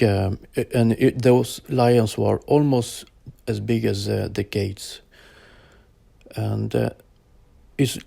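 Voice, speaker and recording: Slow, gravelly man recounting a vision. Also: on the low side, dark tone, no echo. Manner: slow, halting, searching for words. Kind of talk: personal account told to interviewer.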